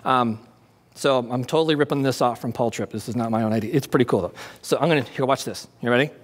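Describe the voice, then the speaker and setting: A man's voice: medium pitch, quick pace, long reverb tail. A man preaching a conversational sermon as pastor, with demonstrations.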